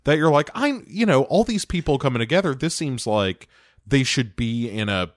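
A man's voice: medium pitch, animated, moderate pace, dry recording, clean studio sound. A man co-hosting a casual podcast about movies, rambling with many restarts and fillers. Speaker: podcast co-host. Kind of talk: casual movie review chat.

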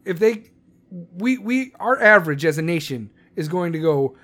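A man's voice: sits high, sing-song, normal speed, fairly bright tone. A man, a parent, delivering a heated, profane rant that keeps stumbling and restarting. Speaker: parent ranting on camera.

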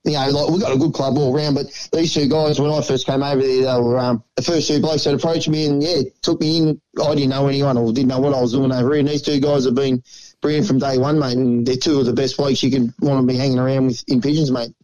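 A man's voice: mid-range voice, fairly even intonation, fast talker, a little mellow, poor audio. An Australian man, a pigeon club correspondent, talking on the phone in a friendly way and praising his clubmates.

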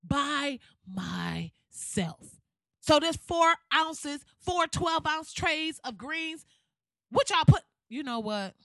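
A woman's voice: high voice, slow, fairly bright tone, dry recording, studio quality. A woman ranting in exasperated, profane comic style with rhetorical questions. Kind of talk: comedic rant.

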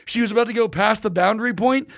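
A man's voice: sits high, fast, gravelly, fairly bright tone. A man co-hosting a casual comedy podcast who rants in an indignant, contrarian way. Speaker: podcast co-host. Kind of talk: casual chat.

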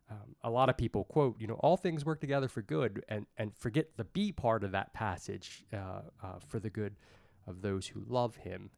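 A man hosts a faith podcast, speaking earnestly and circling back on his words as he reflects. His voice sits low with a gravelly texture. The sound is dry and close-miked. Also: darkish tone, dry recording. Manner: earnest, repetitive restarts, preacher-like reflection. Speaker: podcast host. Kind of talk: faith-based conversation.

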